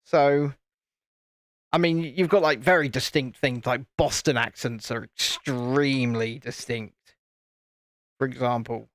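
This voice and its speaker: A man's voice: mid-range voice, fairly even intonation, a little slow, pauses often, no echo, clean studio sound. A British man hosting a live stream, chatting casually in a rambling way and often restarting his sentences. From United Kingdom. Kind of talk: casual live-stream chat while building.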